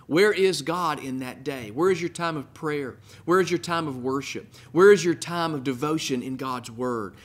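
A man preaching a sermon in a fairly high voice. He builds points through repeated phrases and lets his line endings drop soft and quiet. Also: normal speed, hardly any pauses. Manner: earnest preaching with emphatic repetition and dropped, quiet line endings. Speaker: pastor.

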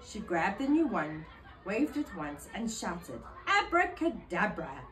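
A woman reading a children's picture book aloud in an expressive, animated storytelling manner. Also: mid-range voice, takes it slowly, a little hiss or hum, poor audio.

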